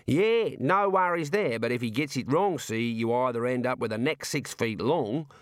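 A man voicing a cheerful, chatty prison warder, talking in a folksy, drawn-out way. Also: mid-range voice, animated, no echo, clean studio sound, lightly acted. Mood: cheerfully grim. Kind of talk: audiobook character voice.

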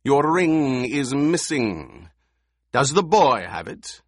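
A man's voice: mid-range voice, very animated, slow, breathy edge, no echo, clean studio sound, pitched above the performer's own voice, full character voice. A man voicing a scheming, menacing male baron with a silky, insinuating delivery.

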